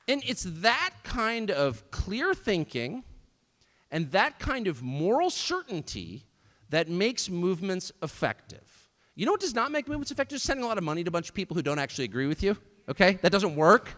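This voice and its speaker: Animated, mocking man in an echoey hall. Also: sits high, moderate pace, some chatter behind. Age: middle-aged. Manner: animated, sarcastic, mocking, with short laughs. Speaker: speaker at a political event. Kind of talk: live speech to an audience.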